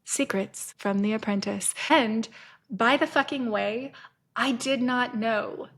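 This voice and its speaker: A woman's voice: on the high side, slow pace, husky. A woman in her fifties hosting a podcast, telling a story bluntly in a casual, profane, self-interrupting monologue. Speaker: podcast host.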